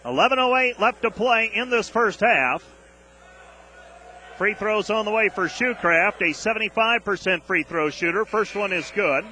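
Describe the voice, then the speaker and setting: Guy doing radio play-by-play for hoops, fast calls, gets fed up with the refs, sharp bright tone. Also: sits high, animated, a little hiss or hum. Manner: rapid play calls that surge loud on big plays, openly exasperated at the refereeing. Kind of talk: basketball play-by-play commentary.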